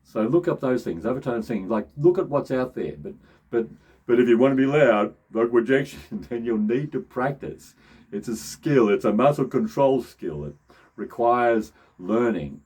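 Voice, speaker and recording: A man's voice: medium pitch, expressive, moderate pace, a little mellow, slightly rough. A middle-aged man giving a casual voice lesson, often restarting and repeating phrases as he speaks. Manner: shifts into demonstration voices. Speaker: voice teacher.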